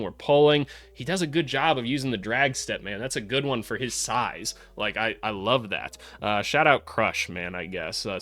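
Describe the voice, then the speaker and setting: A young man casually breaking down basketball game film, excitable, cursing freely and talking to the players on screen. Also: mid-range voice. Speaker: host breaking down draft prospects.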